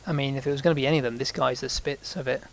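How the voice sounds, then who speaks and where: A man's voice: mid-range voice, fairly even intonation, racing, vocal fry, a little hiss or hum. A man casually commenting on the game he is playing, rambling along with self-mocking asides. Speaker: gaming channel host. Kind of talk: casual let's-play commentary.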